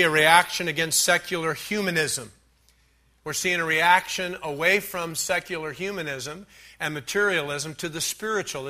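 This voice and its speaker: Pastor, male, emphatic sermon delivery, slightly high and forceful voice. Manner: emphatic preaching, lists points, slows on key words; dry joking asides.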